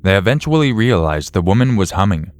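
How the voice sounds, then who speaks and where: A man reading a scripted horror story in the first person, in a measured, even way. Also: fairly low pitch, no echo, soft background music. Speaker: narrator.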